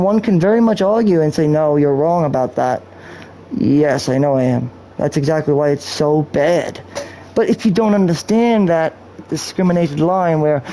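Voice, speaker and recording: A man's voice: a little high, gravelly, dark tone, a little hiss or hum, rough recording. A man live-streaming a video game, talking in a rambling, profane, off-topic way into a cheap microphone. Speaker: gaming streamer. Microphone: cheap streaming mic.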